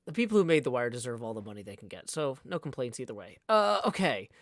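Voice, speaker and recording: Very animated and fast-talking, this medium-pitched man banters playfully while giving a play-by-play of his card game on a live stream. The dry recording has studio quality.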